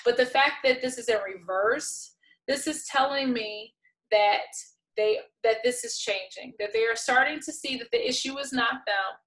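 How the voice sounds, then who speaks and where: Woman doing a tarot reading, kinda high voice, playful + exasperated, laughs a lot, goes from mumbly to loud. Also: normal speed, rough recording. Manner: expressive, swings between soft mutters and loud outbursts. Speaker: tarot reader.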